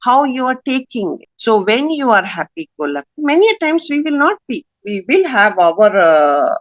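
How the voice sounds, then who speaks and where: A woman's voice: fairly high pitch, very animated, moderate pace, dull audio. A woman, who owns a skincare brand, giving an earnest, emphatic, persuasive talk in an online workshop over a video call.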